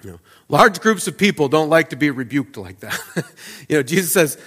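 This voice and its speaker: A man preaching a sermon in a relaxed, conversational way, with restarts and explanatory asides. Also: on the high side, a little fast, long reverb tail. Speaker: pastor. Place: church sanctuary.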